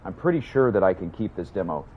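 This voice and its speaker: A man's voice: deep voice, sing-song, quick pace, narrow, tinny audio, a little hiss or hum. A young man chatting casually while livestreaming a game, rambling, swearing and answering his chat. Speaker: streamer.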